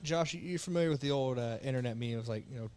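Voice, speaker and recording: A young man from South Dakota calling baseball play-by-play with relaxed, joking banter between pitches while fighting the hiccups. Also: very fast, clean tone. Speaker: play-by-play announcer.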